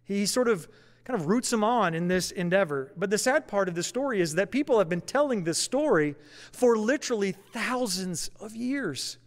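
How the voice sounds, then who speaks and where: A man's voice: high voice, lively intonation, moderate pace. A man preaching a sermon in an earnest storytelling manner, repeating phrases for emphasis. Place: church sanctuary. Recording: long reverb of a church hall.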